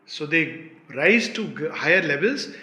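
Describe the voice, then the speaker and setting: A man explaining a poem with animated emphasis, leaping higher on key words. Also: unhurried. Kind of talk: spoken commentary on a poem. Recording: echoey room.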